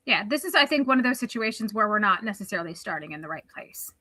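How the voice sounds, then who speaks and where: A woman's voice: medium pitch, lively intonation, fast, sharp tone. A woman literary agent taking part in a live video Q&A. She laughs easily and passes on updates. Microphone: video call.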